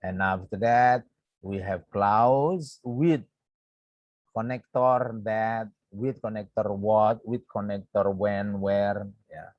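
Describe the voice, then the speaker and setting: In his online English grammar lecture, the Indonesian-accented teacher goes slowly, repeats himself and often checks in with "yeah." His voice is lowish with fairly even intonation, and the audio is dull with no echo.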